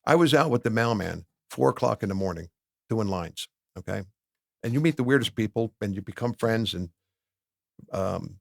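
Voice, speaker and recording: A middle-aged man tells his story as a podcast guest, his voice low and gravelly. He talks candidly and acts out the conversations he quotes. The sound is close and dry, with no room echo. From New Jersey. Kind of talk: personal storytelling in a podcast interview. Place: podcast studio.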